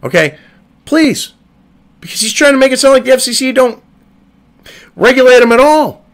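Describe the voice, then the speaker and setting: A man's voice: extremely high pitch, lively intonation, moderate pace. A man giving heated, profane commentary from his computer desk, exasperated and cursing freely. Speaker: online political commentator. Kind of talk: ranting commentary.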